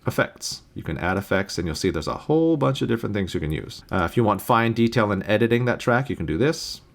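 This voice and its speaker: A man teaching how to use music recording software in a plain, practical screen-recorded tutorial, recorded on a USB interface mic. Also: fairly low pitch, animated, fast talker, vocal fry. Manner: plain, practical explaining with sung beep demos.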